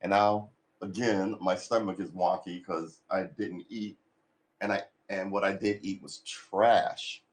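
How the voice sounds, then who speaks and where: Man, very low voice, livestreamer, offhand rambling chat, tired and cranky. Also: fairly even intonation, unhurried. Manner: rambling, offhand, sighs and restarts. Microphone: desk mic being adjusted.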